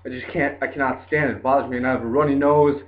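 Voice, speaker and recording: Racing along in a steady, mid-range voice, a young man spins a casual, wandering story full of "like" and "dude." His manner is laid-back, and the recording has a tinny, lo-fi quality like a phone.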